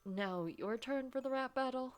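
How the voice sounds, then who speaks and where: A woman voicing a playful, warm-hearted young man in a game, speaking lightly and earnestly. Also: sits high, normal speed, faint music behind, voice pushed up, natural voice.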